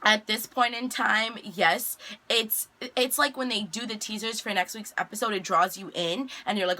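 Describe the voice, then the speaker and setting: Young woman, casual vlog recap, chatty storytelling, bright voice. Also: medium pitch. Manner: chatty, animated retelling with quick asides. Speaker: vlogger recapping a TV episode.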